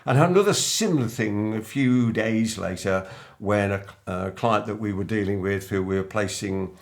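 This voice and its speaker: A man's voice: on the low side, moderate pace, gravelly. An older man, a business coach, telling an anecdote to camera and acting out remembered dialogue. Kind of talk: storytelling monologue to camera.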